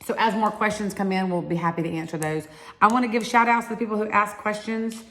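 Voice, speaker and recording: A woman's voice: mid-range voice, fairly even intonation, fast, a bit bright. A woman in her forties from Alabama with a Southern accent, chatting casually while answering viewer questions and stretching one-syllable words into two. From Alabama, USA. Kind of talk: casual chat.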